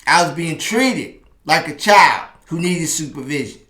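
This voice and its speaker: A man in his fifties hosting a relationship advice channel, telling a personal story in an animated way that turns slower and more reflective. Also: a little high. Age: 50s. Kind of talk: personal storytelling monologue to camera. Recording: roomy echo.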